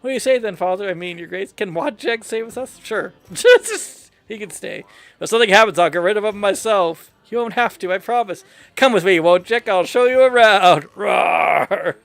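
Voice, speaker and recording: A man with a notably high speaking voice plays through a story game. He reads every character's lines aloud in his own playful manner, in a casual, off-the-cuff playthrough style. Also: fairly quick, a bit bright, no echo. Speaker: gamer reading dialogue aloud.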